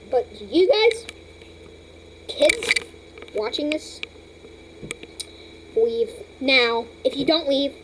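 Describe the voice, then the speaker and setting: A woman's voice: on the high side, slight background noise, poor audio. A woman hosting a casual toy vlog, rambling dramatically and breaking into shrieks. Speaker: channel host.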